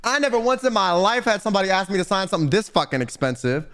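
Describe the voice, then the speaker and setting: A young man streaming, telling stories in casual, profane, animated chat. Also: high-pitched, fast talker, smooth.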